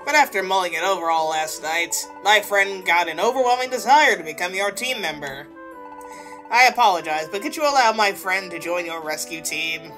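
A woman doing a soft apologetic game creature. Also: lowish voice, animated, moderate pace, faint music behind, voice pushed down, low-quality recording.

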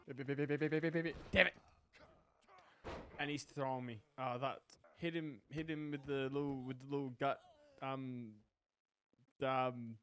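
A man commentating his own wrestling video game match. He is excitable, swears, and shouts at the game. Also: medium pitch, a little hiss or hum. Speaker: gaming channel host. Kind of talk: live gameplay commentary.

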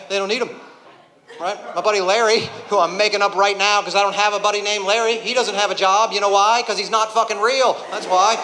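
A man doing a stand-up comedy set, ranting and swearing and building to angry shouts. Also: high-pitched, a little hiss or hum. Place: comedy club stage before a laughing audience. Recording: roomy live venue sound.

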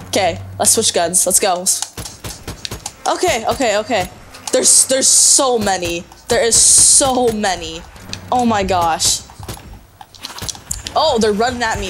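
A woman's voice: mid-range voice, takes it slowly, pauses often. A young woman hosting a gameplay segment, reacting in panicky, laughing bursts while she plays. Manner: panicky, yelping, laughing asides. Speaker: game show host. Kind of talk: excited gameplay commentary. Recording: voice with game music behind.

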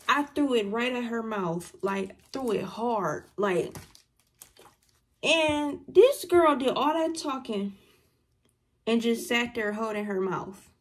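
A woman's voice: fairly high pitch, a little hiss or hum. A young adult woman vlogging a storytime in a casual, slangy way, acting out what people said to her. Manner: animated, slangy storytelling that acts out what others said. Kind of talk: storytime vlog.

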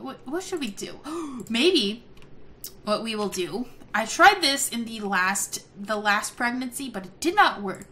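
A woman hosting a let's-play video, giving excitable casual commentary, gasping and laughing often. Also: fairly high pitch, a little hiss or hum. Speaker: gaming video host.

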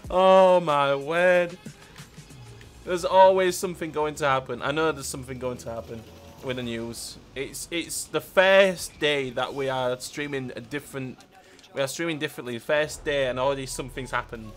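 A young British man streaming a game live, chatting playfully with viewers, laughing often and pleading in loud bursts. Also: medium pitch, normal speed, faint music behind. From United Kingdom.

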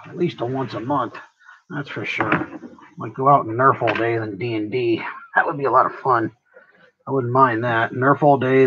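A man's voice: medium pitch, a bit bright, breathy edge, muffled recording. A man hosting his own channel, rambling and joking with viewers as he works on a craft project. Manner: rambling, joking, talks to viewers while working. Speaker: prop maker and channel host. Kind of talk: casual workshop chatter.

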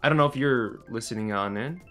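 A man streaming a racing game with a friend, excitable, yelling and swearing at the game and meowing for fun. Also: medium pitch, brisk, soft background music. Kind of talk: casual gaming stream chat.

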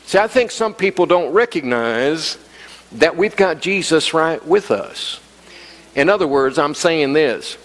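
A man's voice: on the high side, lively intonation, measured pace, a bit bright. A man preaching a sermon as the pastor, telling a story with humor, repeating himself and chuckling as he goes. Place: church sanctuary. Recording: long church hall reverb.

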